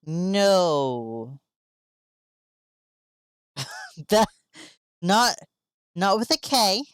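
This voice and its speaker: A woman's voice: on the low side, big pitch swings, drawn-out words, clean tone, no echo, studio quality. A woman hosting a live drawing stream, chatting casually, giggly and playfully incredulous. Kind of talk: casual chat while drawing.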